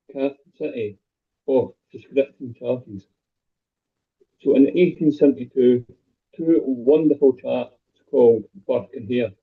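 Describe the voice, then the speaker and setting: A Scottish man with a medium-pitched, slightly breathy voice performs a stand-up set over a video call. His punchlines are crude and self-deprecating, and the audio sounds tinny, like a phone call.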